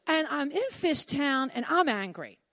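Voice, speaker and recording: Animated high-voiced Philly woman storyteller. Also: measured pace, no echo. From Philadelphia. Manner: animated, acts out her own and others' lines. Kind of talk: live personal storytelling.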